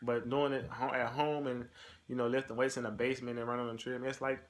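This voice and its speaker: A man's voice: medium pitch, level tone, quick pace. A young man talking casually to his camera and answering tag questions, loose and profane, with lots of fillers. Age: young adult. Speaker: recruit in the delayed entry program. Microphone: camera mic.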